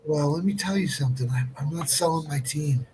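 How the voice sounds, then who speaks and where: A man's voice: a little high, brisk, crowd noise, lightly acted, low-quality recording. A man impersonating a stubborn older male football team owner, attempting a Southern drawl in a defiant, folksy tone.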